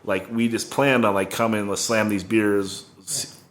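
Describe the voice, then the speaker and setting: A man's voice: on the low side, little pitch movement, a little slow, a crowd in the background. A man in casual podcast chat, rambling through a tour story with constant "like" fillers.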